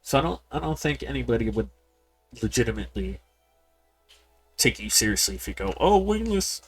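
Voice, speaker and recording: A man's voice: medium pitch, lively intonation, a little fast, breathy edge, faint music behind. Rambling man chatting over gameplay. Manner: rambling, repeats words, keeps addressing viewers. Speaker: game streamer. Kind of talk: casual gameplay commentary. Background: people yelling in the background.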